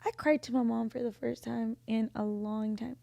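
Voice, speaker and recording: A woman's voice: fairly high pitch, fairly even intonation, moderate pace, creaky, mellow, dry recording. A woman in her twenties co-hosting a podcast, chatting casually and telling an emotional story, full of "like". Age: 20s. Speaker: podcast co-host. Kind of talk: casual chat.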